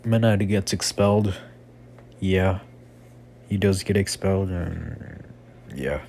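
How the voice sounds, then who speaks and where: Deep-voiced young man rambling through a story. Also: slow, gravelly, a little mellow, a little hiss or hum. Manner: rambling, filler-heavy, casual. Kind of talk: improvised fan-fiction storytelling.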